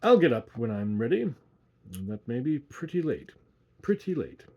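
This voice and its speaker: Pompous tipsy gentleman, ponderous and sing-song, husky voice, as a male reader puts him on. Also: mid-range voice, big pitch swings, moderate pace, highs cut off. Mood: drowsy. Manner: over-polite, sing-song, slightly drunk. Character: tipsy, pompous middle-aged gentleman guest.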